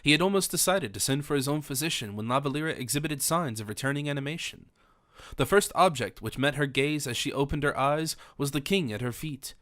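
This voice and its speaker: A man narrating a classic novel audiobook in a measured, formal way. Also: fairly high pitch, a bit bright.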